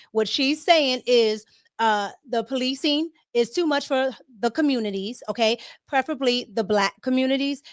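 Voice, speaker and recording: With a slightly high, fairly bright voice, this D.C. livestream host offers chatty, casual political commentary, checking in with her viewers and repeatedly asking "okay?" The sound is dry and clean, like a studio.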